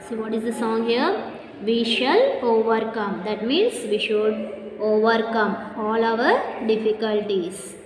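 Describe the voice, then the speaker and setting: A woman teaching English to schoolchildren in an Indian accent, speaking slowly and repeating words and phrases for the class. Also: a little high. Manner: slow, repetitive, addresses children, drills words aloud. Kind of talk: classroom lesson recording. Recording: echoey room, noisy class behind.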